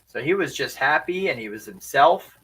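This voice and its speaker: A man's voice: medium pitch, lively intonation, normal speed, a bit bright, breathy edge, rough recording. A man commenting casually on a video, asking rhetorical questions. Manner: conversational, asks rhetorical questions.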